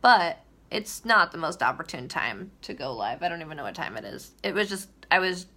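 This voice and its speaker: A woman's voice: fairly low pitch, sing-song, a little fast, sharp tone. A young woman telling a story in a casual livestream vlog, chatty and full of fillers. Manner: chatty, storytelling with many likes. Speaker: vlogger.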